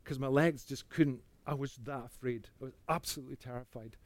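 A man telling a personal faith testimony, earnest, dropping to a hush and then rising again. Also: mid-range voice, a little fast, no room sound. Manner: earnest storytelling that swings between hushed and animated. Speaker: speaker giving a testimony.

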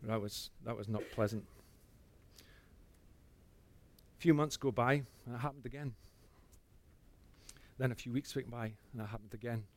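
A man telling a personal faith testimony, earnest, dropping to a hush and then rising again. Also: medium pitch, a little slow, pauses often, slight background noise. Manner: earnest storytelling that swings between hushed and animated. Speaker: speaker giving a testimony.

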